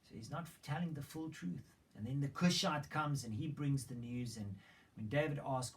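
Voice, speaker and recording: A man's voice: medium pitch, normal speed. Dramatic male preacher heard from afar. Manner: dramatic retelling, swings between loud emphasis and hushed whispers. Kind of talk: sermon storytelling. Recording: distant mic with faint background noise.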